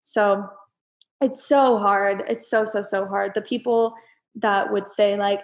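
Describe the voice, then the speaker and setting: A young adult woman, appearing as a guest in a casual chat, speaks openly and with emotion, now and then bursting into animated exclamations. Her voice sits in the mid range and moves a little slowly.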